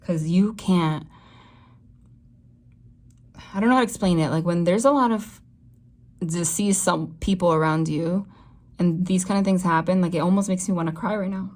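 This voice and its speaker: A young adult woman giving a casual tarot reading to camera, rambling and emotional, with sudden excited jumps in her voice. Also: fairly low pitch, moderate pace, pauses often. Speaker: tarot reader.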